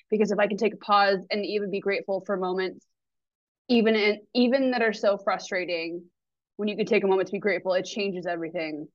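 A woman speaks openly and with animation in a relaxed podcast chat, swearing casually as she goes. Her voice sits in a middle register. The recording is dry and a touch muffled. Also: mid-range voice, dry recording. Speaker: podcast guest. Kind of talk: casual conversation.

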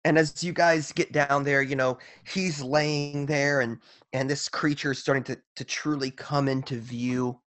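Slow-narrating male game master. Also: medium pitch, fairly even intonation, fairly bright tone, no room sound. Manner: slow, vivid descriptive narration.

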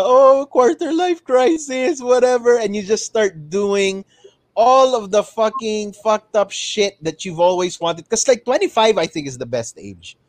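A man's voice: high voice, no echo. A man with a Filipino accent in his thirties, hosting a casual podcast chat and swearing freely. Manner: swearing, switching between English and Tagalog. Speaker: podcast host.

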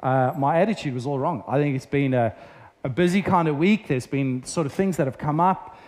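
A man's voice: a little high, a little fast, a little mellow. A man in his thirties preaching a sermon, telling stories in a chatty, self-deprecating way. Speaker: pastor.

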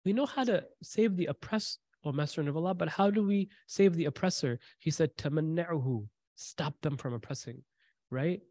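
A man's voice: fairly high pitch, normal speed, darkish tone, dry recording. A man giving a sermon, retelling a story with quoted dialogue and repeated lines for emphasis. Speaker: preacher.

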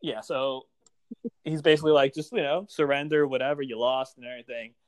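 A man in casual chat recapping a TV episode, animated, acting out the characters' lines and laughing often. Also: medium pitch, a little fast, no room sound. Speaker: podcast co-host recapping a TV episode.

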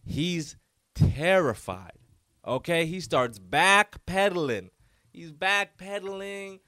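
A man's voice: high-pitched, expressive, slow pace, sharp tone, no echo, studio quality. A man hosting a solo podcast, telling a story casually and loosely, with lots of fillers and quoted voices. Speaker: podcast host.

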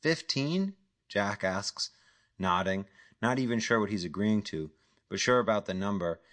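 A man narrating a crime thriller audiobook. His voice sits low and his storytelling is steady and matter-of-fact throughout. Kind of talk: scripted narration.

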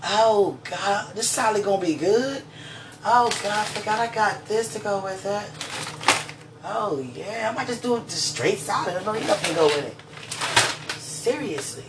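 Unhurried and medium in pitch, a person talks affectionately and casually to someone they love while in the kitchen at home, frequently laughing and teasing. A distant mic yields a roomy sound with faint background noise.

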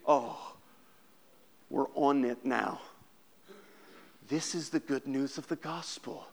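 A man preaching a sermon, climbing loud and high on key points and dropping soft and low to tell a story. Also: takes it slowly, gravelly. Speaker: pastor.

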